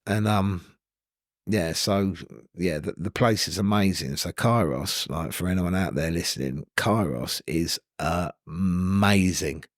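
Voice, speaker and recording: A low-pitched man talks openly as a podcast guest. His speech is earnest and loose, full of asides and "you know what I mean". The sound is dry and close, with no room around it. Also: a little slow, no room sound. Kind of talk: casual candid storytelling.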